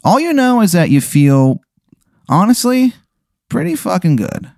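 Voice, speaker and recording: A man hosting a podcast, spinning an improvised comic story in a loose, animated way, full of "like" and swearing. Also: high-pitched, a little slow, vocal fry, no echo, studio quality. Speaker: podcast host.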